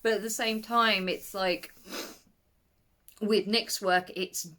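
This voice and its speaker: In a video book review, a woman chats casually at a slow pace, animated and rambling, with nervous laughs and sudden high-pitched exclamations.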